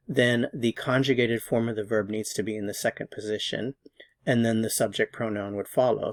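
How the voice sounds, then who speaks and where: A man teaching a recorded language lesson, explaining rules slowly and patiently and repeating example sentences. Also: medium pitch, no room sound.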